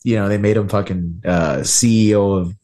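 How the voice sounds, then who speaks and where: A man's voice: on the low side, fairly even intonation, moderate pace, mellow. A man hosting a podcast in loose casual chat, swearing freely and laughing often. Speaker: podcast host.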